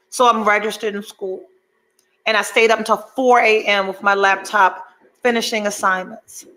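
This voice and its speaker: A high, bright-toned woman in middle age hosts a podcast in a candid motivational monologue. She talks bluntly and swears freely, hammers her points with emphasis and wanders into asides before coming back to the point. Her voice stays light and ringing throughout. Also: low-quality recording. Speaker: podcast host.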